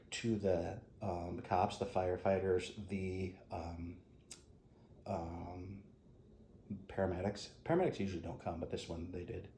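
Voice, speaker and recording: A middle-aged man, a retired police officer, frankly recounting his experiences in an interview with halting restarts. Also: low-pitched, vocal fry. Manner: halting, frank, drops soft quoted asides. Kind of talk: interview storytelling. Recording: echoey room with faint noise.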